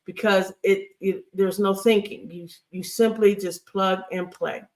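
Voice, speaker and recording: A woman's voice: medium pitch, fairly even intonation, unhurried, distant mic. A woman teaching a recorded Hebrew grammar lesson over slides, patient and repetitive, checking in with "okay?" as she goes. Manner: patient, repeats key points, many fillers and checks like "okay?". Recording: voice set back from the mic.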